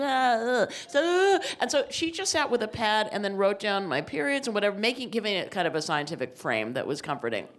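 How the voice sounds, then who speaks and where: A middle-aged woman tells comic stories to a live audience, with a voice in a medium register. She is animated and self-mocking, swinging from loud outbursts to quiet asides. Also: mid-range voice, fairly quick, few pauses. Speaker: author and guest speaker. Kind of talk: comic storytelling on stage. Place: live talk before an audience.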